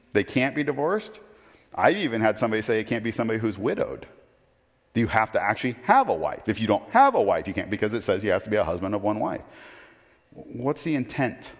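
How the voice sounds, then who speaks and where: Man preaching a chatty sermon, hall reverb. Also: mid-range voice. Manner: conversational, asks the audience rhetorical questions. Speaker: pastor. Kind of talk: expository sermon.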